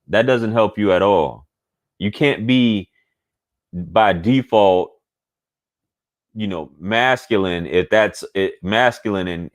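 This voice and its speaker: Low-voiced man giving blunt dating talk. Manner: candid, streetwise, repeats himself for emphasis. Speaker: channel host giving dating advice. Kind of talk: casual monologue to camera.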